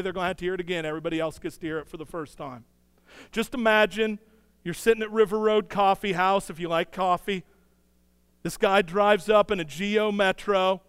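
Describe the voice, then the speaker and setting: A man delivers a sermon in a high, smooth voice, slipping into quick acted-out dialogue as he tells his story. His voice carries a long reverb from a large hall. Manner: animated storytelling, acts out dialogue in quick bursts. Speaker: pastor.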